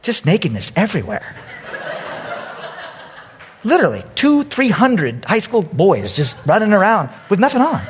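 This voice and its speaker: A male pastor preaching a sermon, telling a funny story and acting out the quotes loudly. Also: high-pitched, huge pitch swings, normal speed, pauses often.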